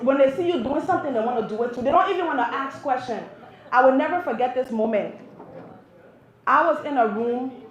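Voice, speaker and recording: A woman doing a stand-up comedy set in a live cafe, animated and talking straight to the crowd. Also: on the high side, highs cut off. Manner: animated, talks to the crowd, playful teasing. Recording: roomy live venue sound.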